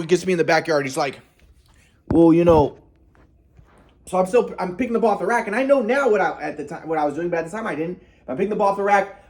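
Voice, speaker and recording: A man telling a personal story in a casual monologue, rambling, repeating himself and cursing. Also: high voice.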